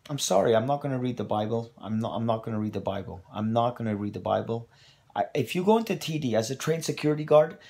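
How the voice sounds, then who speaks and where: A man's voice: medium pitch, creaky. A man hosting his own online show, ranting casually and profanely late at night, tired and running on coffee. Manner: profane, rambling, animated.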